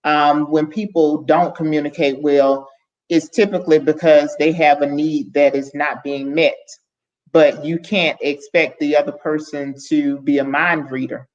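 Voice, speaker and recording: A woman's voice: deep voice, fairly even intonation, a little slow, darkish tone. A woman who is a guest on a podcast, talking candidly and earnestly and often starting over in mid-sentence as she chats casually. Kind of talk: casual conversation. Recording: dull lo-fi sound.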